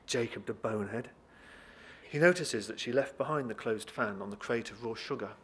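A man reading a novel aloud to listeners, lively and expressive. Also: medium pitch, brisk, slight background noise. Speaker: reader.

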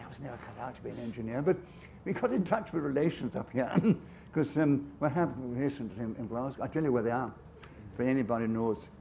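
A man's voice: mid-range voice, noisy background. Chatty older man, English upper-class accent. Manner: chatty and self-amused, with frequent restarts and asides. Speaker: guest author. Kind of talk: anecdotal storytelling on stage. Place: festival stage.

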